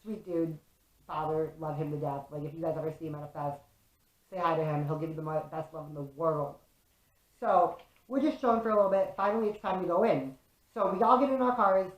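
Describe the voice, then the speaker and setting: Animated young woman vlogger, echoey room. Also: low-pitched, fairly quick. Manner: animated, swears often, fills with "like". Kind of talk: casual storytelling to camera.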